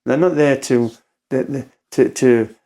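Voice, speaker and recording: A man with a Geordie accent, a podcast guest telling a story in a rambling, halting way, acting out quotes with "I says". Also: medium pitch, mellow. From Newcastle, England. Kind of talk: casual storytelling conversation.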